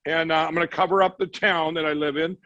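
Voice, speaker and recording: A man with a fairly high voice tells a rambling story, slipping into the voices of the people he quotes. The sound is dry and close, with slightly dull audio. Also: steady tone, quick pace, a bit bright, no echo. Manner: rambling, acts out quoted dialogue. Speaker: guest. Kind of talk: storytelling in a conversation.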